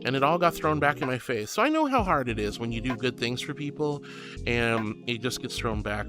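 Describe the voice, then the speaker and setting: A man streaming as a VTuber, chatting casually with viewers and reading their messages. He talks in a soft, affectionate way, calls listeners honey and sweetie, and turns earnest and comforting when he consoles them. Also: mid-range voice, sing-song, brisk. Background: faint background music.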